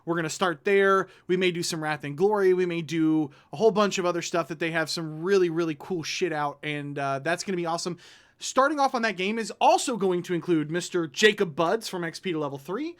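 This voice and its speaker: A man's voice: high voice, brisk, a bit bright. A man hosting a casual chat about a tabletop game show, talking in loose rambling sentences that he often restarts. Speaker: show host.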